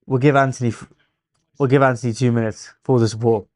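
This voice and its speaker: A young man with an English accent hosting a casual football watchalong stream, teasing viewers and thinking out loud. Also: mid-range voice, steady tone, quick pace, no echo, studio quality.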